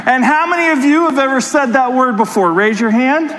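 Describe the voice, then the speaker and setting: A pastor delivering a sermon with an animated personal story, talking straight to his congregation. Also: very high-pitched, fairly quick, in a large hall, slight background noise, low-quality recording.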